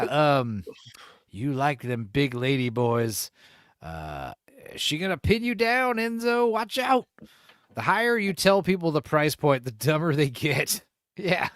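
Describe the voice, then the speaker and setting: A man's voice: a little high, dry recording, studio quality. A man co-hosting a podcast in casual chat, rambling and cursing as he acts out quotes in different voices. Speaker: podcast co-host.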